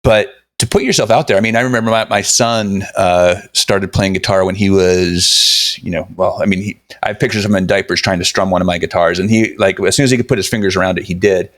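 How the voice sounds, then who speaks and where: A man's voice: deep voice, fairly bright tone. A middle-aged man hosting a podcast interview, chatty and sharing personal stories with his guest. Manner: fast, chatty, shares personal anecdotes. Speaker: podcast host. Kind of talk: conversational interview.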